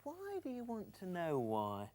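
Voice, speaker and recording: A man's voice: high voice, huge pitch swings, a little slow, darkish tone. A man presenting a children's TV show, playful and patient.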